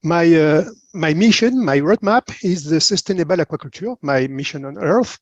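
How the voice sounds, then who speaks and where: French-accented male presenter, fairly high voice, halting English, dry muffled video call sound. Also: no echo. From France. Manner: hesitant, halting English with many fillers. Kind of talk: online conference talk. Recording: dull lo-fi video call audio.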